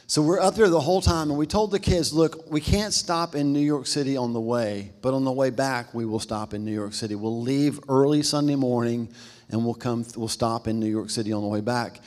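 Pastor telling a story in a reverberant hall. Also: male voice, mid-range voice, fairly even intonation, a little fast, darkish tone. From American South. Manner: storytelling, acts out quoted voices, says "y'all". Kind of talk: sermon with a personal story.

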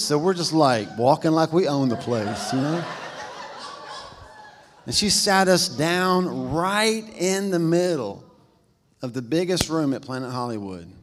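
A man, a pastor preaching a sermon, telling a story and acting out the voices of the people in it. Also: mid-range voice. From American South. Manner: storytelling, acts out quoted voices, says "y'all". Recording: reverberant church hall.

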